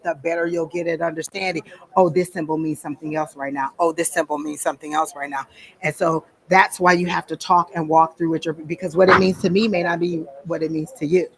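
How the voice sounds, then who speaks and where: A woman's voice: lowish voice, fairly even intonation, a little fast, slight background noise, rough recording. Chatty woman teaching psychic reading. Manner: chatty storytelling with frequent ums. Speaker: psychic medium teaching a class. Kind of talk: casual teaching talk to a small group.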